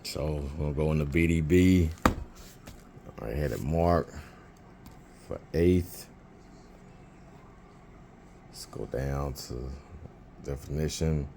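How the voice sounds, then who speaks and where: A man's voice: rumbling low, slow pace, vocal fry, long pauses, background noise. A man teaching biblical Hebrew in an informal lesson, thinking aloud with fillers and restarts.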